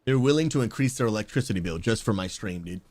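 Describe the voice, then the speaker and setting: Animated man streaming to chat. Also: lowish voice, fast talker, loud music behind the voice. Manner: animated, talks straight to chat, says "dude" and "bro". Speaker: game streamer and pastor. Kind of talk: casual live stream chat.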